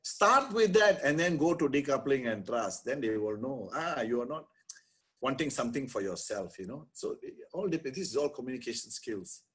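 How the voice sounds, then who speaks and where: Brief: middle-aged Singaporean male lawyer, husky voice, fired-up webinar coaching with Singlish touches. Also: medium pitch, moderate pace. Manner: energetic, animated, peppered with Singlish particles. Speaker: lawyer giving a webinar to property agents. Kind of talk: motivational webinar talk.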